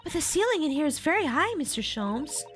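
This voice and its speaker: A woman voicing a polite, earnest young female assistant who speaks gently and formally. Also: high-pitched, very animated, fairly quick, faint music behind, pitched above the performer's own voice.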